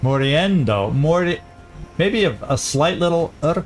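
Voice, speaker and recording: A man with a slightly high voice talks through his game, chatty and thinking aloud as he plans each move. He laughs easily and keeps a casual, friendly flow. Faint music plays under him. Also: animated, a little slow. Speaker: gaming channel host. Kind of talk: let's-play commentary.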